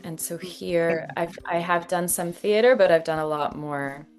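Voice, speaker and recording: A Canadian woman in her thirties, an actress and dialect coach telling her story in an interview, lively and often laughing. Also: on the low side, unhurried, faint music behind. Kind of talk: conversational interview.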